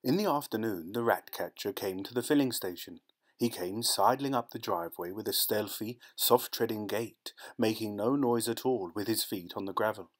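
Low-voiced male audiobook narrator. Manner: measured, deliberate storytelling.

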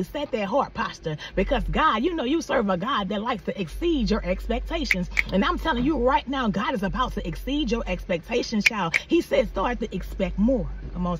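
A woman giving a fervent prophetic encouragement message, repeating phrases and calling listeners "baby" and "y'all", swinging from low confiding tones to loud high exclamations. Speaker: online devotional minister. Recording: muffled and slightly distant with faint background noise.

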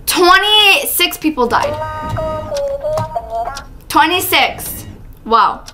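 Excitable high-voiced woman gaming. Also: extremely slow, loud music behind the voice. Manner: excitable, chatty, frequent exclamations. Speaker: gaming channel host. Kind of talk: live gameplay commentary.

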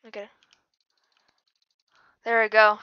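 A woman giving casual gameplay commentary as a channel host, jittery and slangy, dropping from mumbles to sudden yells. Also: mid-range voice, completely flat delivery, slow, smooth, dry recording, dull audio. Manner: slangy, keeps saying "bro" and "freaking".

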